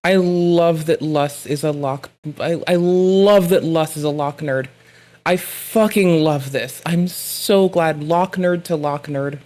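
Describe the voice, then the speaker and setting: A live streamer rambles through casual chat with a medium-pitched, slightly mellow voice. Punchy from too little sleep, he swears freely and launches into mock-angry rants.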